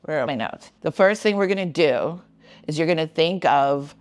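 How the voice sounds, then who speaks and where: A woman hosting a reflective self-help talk, guiding the listener in a playful, warm-hearted way. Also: deep voice, expressive, moderate pace, a little hiss or hum. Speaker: host.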